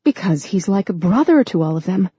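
A woman's voice: medium pitch, sing-song, brisk, mellow, breathy edge, no room sound, dull audio. A woman narrator voicing an anxious young woman who speaks in a hesitant, strained way.

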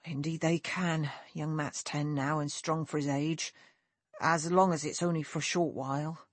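A woman voicing a humble, grateful male tenant farmer who talks slowly in plain country speech, in an audiobook. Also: sits low, fairly even intonation, no echo. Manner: slow, plain country talk. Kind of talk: audiobook character voice.

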